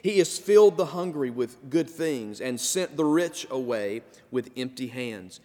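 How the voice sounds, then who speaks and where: Man preaching in a reverberant hall. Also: on the high side. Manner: preaching with rising emphasis and repetition. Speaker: pastor. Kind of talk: sermon.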